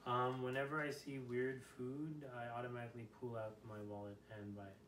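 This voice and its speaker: A young man answering interview questions casually, with joking deadpan quips. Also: mid-range voice, brisk, distant mic, a little hiss or hum. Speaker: interviewee, dancer. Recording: roomy and off-mic.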